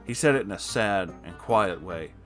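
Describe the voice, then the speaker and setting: A man's voice: deep voice, expressive, moderate pace, fairly bright tone, faint music behind. A man giving a comedic reading of a fan fiction story, breaking off for mocking asides. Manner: mocking asides, frequent laughter.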